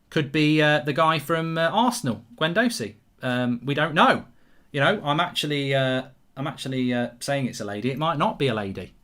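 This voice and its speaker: A man's voice: on the high side, bright, forceful tone. A man hosting a live football watchalong, chatty, jokey and rambling as he reads out viewer comments. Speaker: host.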